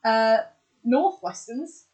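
A woman's voice: fairly high pitch, big pitch swings, slow, a little mellow, low-quality recording. A woman in casual podcast chat, running through examples with lots of fillers and restarts. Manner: chatty, lists examples with many fillers and restarts. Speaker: podcast co-host.

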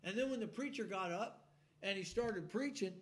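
A man preaches a sermon with folksy, animated storytelling, frequently laughing as he imitates a congregation shouting. His voice sits high and he keeps a moderate pace.

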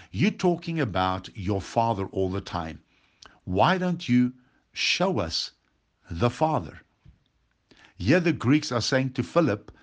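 Low-voiced man preaching a Bible study. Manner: preaching with slow emphatic stresses, reads scripture aloud. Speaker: pastor.

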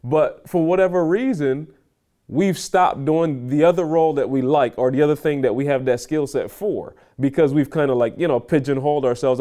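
A man hosting a podcast, chatting casually and telling a workplace anecdote. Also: on the high side. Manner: quick relaxed talk, asks questions, tells workplace anecdotes. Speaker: podcast host.

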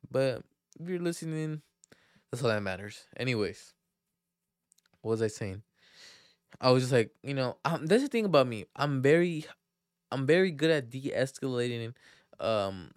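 A man's voice: medium pitch, smooth, no echo, studio quality. A young man hosting a podcast, telling stories in a rambling, profane, laid-back way full of fillers. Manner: laid-back, self-mocking. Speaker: podcast host. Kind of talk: casual storytelling podcast.

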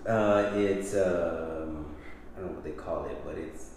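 A man's voice: deep voice, steady tone, a little slow, darkish tone. A man hosting a casual chat, laid-back and swearing freely. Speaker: podcast host. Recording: very echoey room, faint noise.

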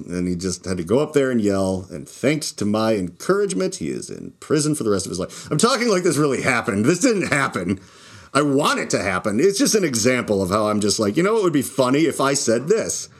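A man in a loose, rambling monologue, his pitch swinging up and down as he talks. He is a stand-up comic hosting his own show, who keeps restarting sentences and laughing at his own jokes. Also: big pitch swings, fairly quick. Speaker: podcast host and stand-up comic.

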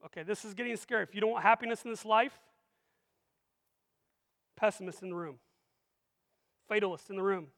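High-voiced energetic preacher man. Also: a little fast, gravelly, long pauses. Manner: energetic, full of rhetorical questions to the congregation. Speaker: pastor. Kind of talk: sermon. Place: church sanctuary. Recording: long reverb of a large hall.

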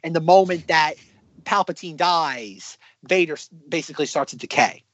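A man co-hosting a casual podcast, talking in long excited run-on predictions with many restarts. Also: fairly high pitch, normal speed, no echo, highs cut off. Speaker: podcast co-host.

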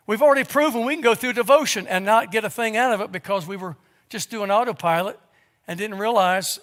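A male pastor preaches in a church, his voice sitting high for a man and ringing with a bright, forceful edge. He stumbles over repeated starts and drives his points home with one rhetorical question after another. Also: fairly quick. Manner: fervent preaching with rhetorical questions and stammered restarts. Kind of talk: sermon. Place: church sanctuary.

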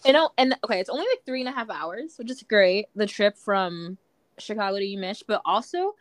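A young woman chatting casually on a podcast, her words strung together with "like" and quick restarts. The voice sits in a middle pitch. The sound is dry and close. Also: dry recording. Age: young adult. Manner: chatty, many "like" fillers. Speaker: podcast co-host. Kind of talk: casual chat.

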